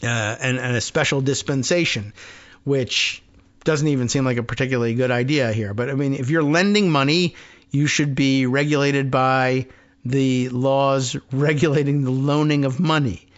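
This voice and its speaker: A man's voice: mid-range voice, steady tone, normal speed, muffled recording. Wry talk show host, man. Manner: conversational, wry, thinks aloud with asides. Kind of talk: reading and commenting on news.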